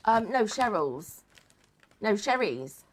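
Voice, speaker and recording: A woman's voice: mid-range voice, very animated, slow pace, a little hiss or hum. A woman hosting a live craft show, chatting in a rambling, giggly way. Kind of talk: live crafting demonstration chat.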